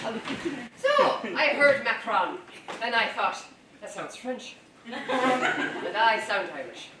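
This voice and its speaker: A woman comedian asks playful, innocent questions in a high voice, taking her time over each word. She sounds distant in an echoey room with a faint hum behind. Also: lively intonation, slow pace. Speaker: comedian contestant. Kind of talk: improvised comedy. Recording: echoey room picked up from afar.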